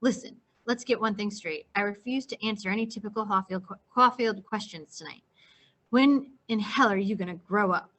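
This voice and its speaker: A woman's voice: medium pitch, moderate pace, fairly bright tone, lightly acted. A woman reading a novel aloud, voicing a condescending, impatient young know-it-all who answers curtly and dismissively. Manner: curt, dismissive.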